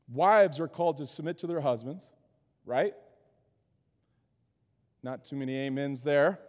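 A man's voice: a little high, darkish tone, big-room sound. A man preaching a sermon as pastor, talking in a conversational way with frequent asides to the congregation.

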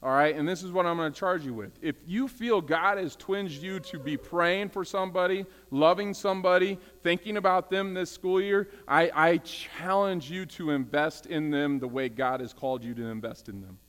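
A man, the senior pastor, preaching a casual, energetic sermon and trading call-and-response with his congregation. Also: fairly high pitch, normal speed, hardly any pauses. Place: church sanctuary. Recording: long hall reverb with mains hum.

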